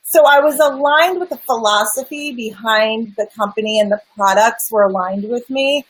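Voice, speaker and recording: A woman's voice: fairly high pitch, normal speed, slightly rough, rough recording. A woman guest, a spiritual life coach, candidly telling her personal story in an earnest, emphatic way. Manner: earnest, emphatic, sometimes swears.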